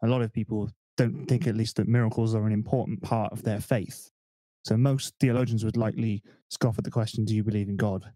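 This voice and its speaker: Guy on a home podcast mic, darkish mellow tone, dry sound, talks stuff through with lots of ums. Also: fairly low pitch, steady tone, brisk, no echo. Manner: explanatory, thinks aloud with fillers. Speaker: podcast co-host. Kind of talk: casual discussion. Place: home, remote call. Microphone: desk microphone.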